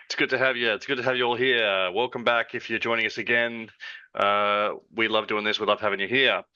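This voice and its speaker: A man's voice: on the low side, fairly even intonation, brisk, sharp tone, clear, resonant tone. A man hosting a casual podcast, greeting listeners with upbeat, jokey banter. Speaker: podcast host. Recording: dull lo-fi dry sound.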